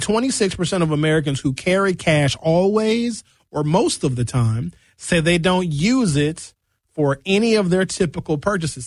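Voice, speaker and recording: Clean studio audio, free of room sound, captures a man doing a comedic radio monologue. He's a joking, easygoing storyteller whose voice rises and falls dramatically.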